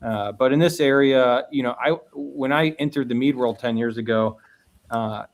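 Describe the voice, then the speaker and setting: A man's voice: medium pitch, moderate pace. A man from Northwest Indiana, a guest meadery owner talking casually on a podcast, rambling and restarting as he goes. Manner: rambling, repeats words and restarts often.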